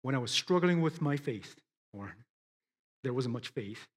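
A man's voice: medium pitch, lively intonation, a little slow. A man preaching a sermon, addressing his listeners as friends and driving points home with emphatic rises and drops.

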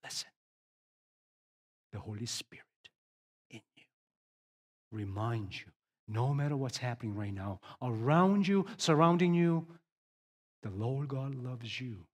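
A middle-aged male pastor preaching a sermon, moving from hushed storytelling to rising, emphatic questions. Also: medium pitch, animated, a little slow, long pauses.

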